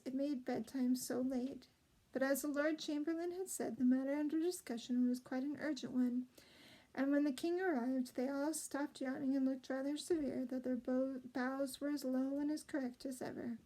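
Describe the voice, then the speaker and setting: A woman reads a children's novel aloud in a high, mellow voice. Her reading is gentle and expressive, with the occasional slip and restart. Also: poor audio. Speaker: storybook reader.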